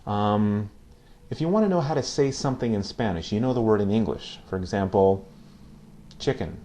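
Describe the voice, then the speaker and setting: A man's voice: on the low side, expressive, moderate pace, dark tone. A man teaching a casual video lesson on Spanish phrases, patiently repeating each phrase and checking in with "okay?".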